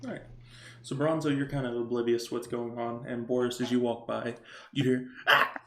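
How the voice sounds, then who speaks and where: Gravelly game master with a casual drawl. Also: male voice, medium pitch, level tone, a little fast, darkish tone, slight background noise. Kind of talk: narrating a tabletop game.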